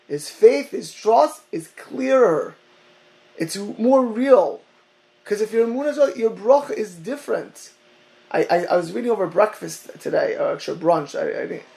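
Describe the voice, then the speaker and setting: A man with a fairly high, gravelly voice teaches a Torah class to listeners on a call. He speaks in halting bursts, restarting and repeating words. He drops Hebrew and Yiddish terms into his English. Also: a little mellow, poor audio.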